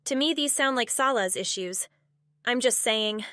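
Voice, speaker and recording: A woman hosting a commentary channel, narrating with snarky, deadpan sarcasm. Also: on the high side, moderate pace, a little hiss or hum.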